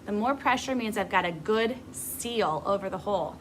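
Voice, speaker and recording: A woman's voice: medium pitch, expressive, moderate pace, a little hiss or hum, poor audio. A grown woman teaching a beginner music class to camera, patient and encouraging as she demonstrates. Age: adult.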